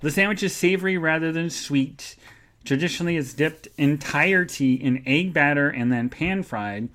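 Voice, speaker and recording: A man's voice: fairly high pitch, moderate pace, a bit bright. A man hosting a live online show, telling a rambling personal story in a casual chatty way with many fillers and asides. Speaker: podcast host.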